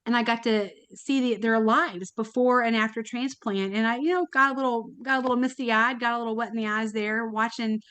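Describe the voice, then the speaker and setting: A woman's voice: a little high, fairly even intonation, brisk, few pauses, a bit bright, smooth, no room sound. A woman guest on a podcast, telling a personal story in a chatty, emotional way with many fillers and restarts. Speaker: podcast guest, kidney donor. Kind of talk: casual storytelling.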